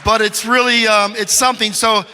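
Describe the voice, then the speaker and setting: A man's voice: high voice, level tone, normal speed, pushed and bright, some chatter behind, a little hiss or hum. A man speaking as an event's president at a press conference, proudly explaining a trophy. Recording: long reverb with faint music.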